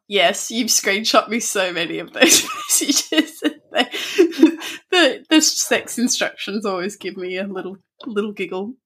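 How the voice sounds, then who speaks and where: A woman's voice: medium pitch, sharp tone. A woman hosting a podcast interview, empathetic and reflective, with an easy giggle. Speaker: podcast host. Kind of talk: casual interview chat.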